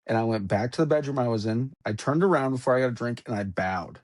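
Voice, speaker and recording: A man's voice: medium pitch, animated, fast. A man on a podcast, telling a story in an intense, rambling way and swearing often. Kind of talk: casual storytelling.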